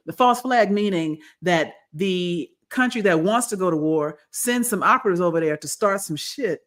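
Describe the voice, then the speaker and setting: A woman co-hosting a podcast, chatting casually about politics in a rambling way, often restarting her sentences. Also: fairly low pitch. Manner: rambling, with restarts and quoted voices. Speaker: podcast co-host.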